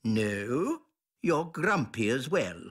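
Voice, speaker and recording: An actor playing a wise old male elf who is also a doctor, calm and matter-of-fact. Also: medium pitch, slow pace, slight background noise. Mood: dry.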